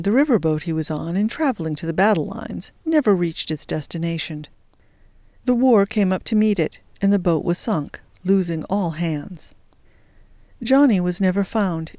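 Prim matter-of-fact young lady in black, read by a woman, lowish voice, dry sound. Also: a little mellow, no room sound, close to an everyday voice. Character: brisk sly young woman in mourning black.

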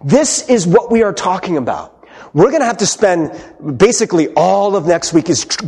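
A male pastor delivers a casual, conversational sermon. His voice sits high and swings widely in pitch. He keeps asking the congregation "right?" as he goes. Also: a little mellow, slightly rough. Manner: conversational, asks "right?" often.

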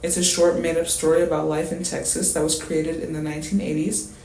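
A man's voice: fairly high pitch, level tone, fairly quick, vocal fry, a little mellow. A man interviewing, speaking politely and formally as he thanks the guest and explains a request. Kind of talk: scripted interview questions. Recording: echoey room with faint noise.

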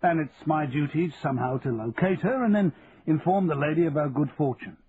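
A male reader with a fairly high, natural voice pushed up speaks briskly as a polite, persuasive young London man, earnest in mood. The recording is a tinny lo-fi radio sound, phone-like, with faint hiss.

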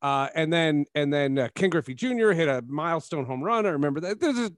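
Casting: male podcast host, slightly high voice, lively storyteller, dry close mic. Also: fairly quick, no echo. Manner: animated storyteller, laughs often. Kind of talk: casual sports podcast chat.

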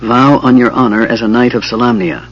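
A man doing a calm, resolute noblewoman. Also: mid-range voice, a little fast, slightly rough, lo-fi sound. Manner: gentle but firm, often hushed.

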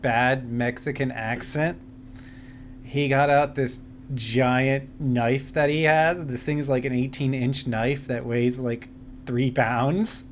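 A young married man co-hosting a podcast, telling stories in lively casual chat. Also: mid-range voice, slow pace, slight background noise. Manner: storytelling, animated retelling. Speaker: podcast co-host.

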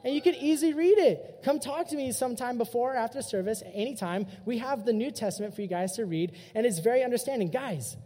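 A young man preaching a casual, energetic sermon as youth pastor to teenagers. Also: very high voice, quick pace, few pauses. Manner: casual, energetic, direct address. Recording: long hall reverb.

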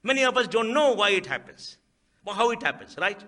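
A man's voice: high voice, very animated, brisk, bright, forceful tone. A man with an Indian accent giving a public speech at a book event, emphatic, asking rhetorical questions and repeating key phrases. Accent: Indian English.

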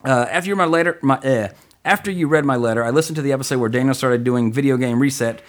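A man co-hosting a casual podcast, reading listener emails aloud, tripping over words and joking about himself. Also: mid-range voice. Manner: fast-talking, trips over words, self-deprecating.

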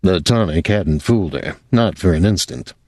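A man reading a novel aloud in measured, even narration. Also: deep voice, husky, no echo, studio quality. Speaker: audiobook narrator. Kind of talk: scripted narration.

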